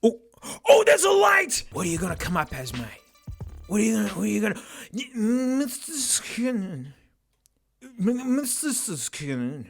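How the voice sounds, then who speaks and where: A man with a raspy, hoarse voice, unboxing a gadget in an excitable, mock-dramatic way. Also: high voice. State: hoarse from yelling. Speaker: tech reviewer host. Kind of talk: casual gadget unboxing review.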